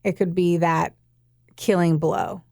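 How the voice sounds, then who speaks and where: A woman's voice: fairly low pitch, steady tone, takes it slowly, creaky, warm tone. Profane, emphatic woman telling a crime story. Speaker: podcast co-host. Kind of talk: casual true-crime chat.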